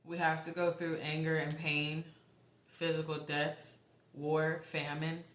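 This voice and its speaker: A young woman giving a casual tarot reading, talking in a halting, rambling way with the odd swear word. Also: low-pitched, flat delivery, fairly bright tone, reverberant. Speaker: tarot reader.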